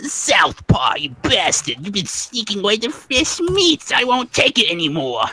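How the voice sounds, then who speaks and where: A man voicing an angry male rat-man with a Brooklyn accent, yelling accusations. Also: sits high, sing-song, unhurried, a little hiss or hum, pitched above the performer's own voice, exaggerated voice. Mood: furious.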